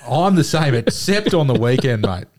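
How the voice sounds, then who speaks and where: A man's voice: mid-range voice, very animated, normal speed, darkish tone, slight background noise. A middle-aged Australian man co-hosting a podcast, with laid-back, jokey banter and plenty of "mate". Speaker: podcast co-host. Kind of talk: casual banter.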